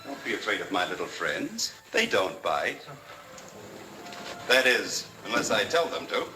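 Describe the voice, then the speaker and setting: A man's voice: lowish voice, unhurried. Batman, cool and stern. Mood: menacing. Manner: calm, dry and menacing in an interrogation. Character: Batman, stern cool adult male hero. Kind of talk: 1940s film serial acting. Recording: 1940s film soundtrack with music underscore.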